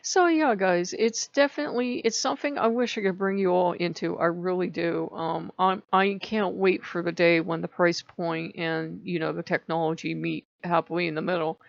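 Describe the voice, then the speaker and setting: Animated lady just chatting to her viewers, laughs a bunch, kinda muffled recording. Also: on the low side, normal speed, vocal fry, few pauses, no echo. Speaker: channel host. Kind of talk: casual vlog chat.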